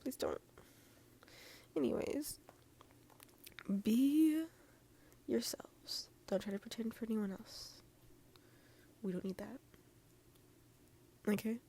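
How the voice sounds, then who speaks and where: A fairly high-pitched woman reads fan fiction aloud at an unhurried, slow pace, her voice soft and often dropping to a near-whisper. The tone is mellow and a little husky, and between passages she gushes warmly at her listeners. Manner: gushy, affectionate asides to listeners. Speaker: fan fiction reader and podcast host. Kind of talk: reading fan fiction aloud, chatty sign-off.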